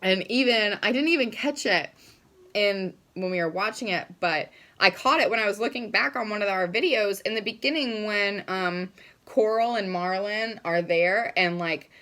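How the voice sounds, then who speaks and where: A woman's voice: medium pitch, normal speed, fairly bright tone. A young woman chatting casually in a vlog, gushing and emotional, with many fillers. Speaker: vlogger. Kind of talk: casual chat.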